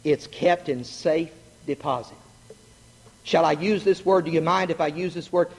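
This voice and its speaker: A middle-aged man preaching a sermon, animated and joking, asking the congregation questions. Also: a little high, moderate pace, gravelly, husky. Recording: long hall reverb.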